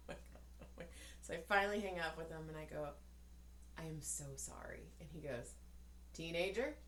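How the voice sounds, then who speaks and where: Animated storytelling woman in an echoey room. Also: lowish voice, a little hiss or hum. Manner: animated storyteller acting out quotes, swears freely. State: tired. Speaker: podcast co-host. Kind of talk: casual storytelling chat.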